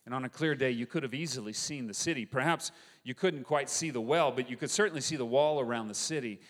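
A man's voice: mid-range voice, fast talker. Preacher man in a reverberant hall. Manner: animated, acts out quoted voices, imaginative retelling. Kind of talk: storytelling sermon.

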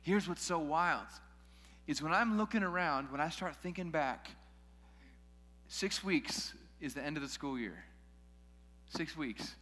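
Preaching to his congregation in an unhurried, easygoing conversational manner, a man sprinkles in jokes aimed at the crowd. A large church hall lends long reverb to his a-bit-high voice, which carries a bright, forceful edge.

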